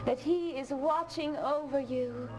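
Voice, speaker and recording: A pale, dreamy young sleepwalker. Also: female voice, high voice, a little slow, poor audio. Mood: wistful. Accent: put-on British. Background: game music.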